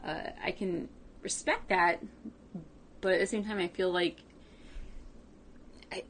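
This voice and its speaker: A woman's voice: fairly low pitch, steady tone, slow pace, slight background noise. A woman co-hosting a casual comic book podcast, talking in hesitant, rambling stretches. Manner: rambling, hesitant, restarts often. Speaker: podcast co-host. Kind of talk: casual chat about comics.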